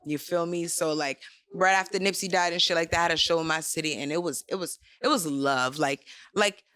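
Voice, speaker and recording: Young female rapper, interview guest; bright, forceful voice; casual, slang-heavy storytelling with acted-out quotes. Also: fairly low pitch, a little fast, dry recording, studio quality. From Worcester, Massachusetts.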